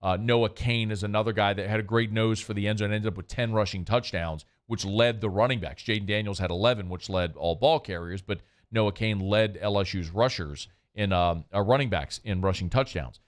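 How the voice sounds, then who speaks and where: A man hosting a sports radio show, chatting loosely about sports and doing a live ad read. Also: on the low side. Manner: chatty, loose, quick asides.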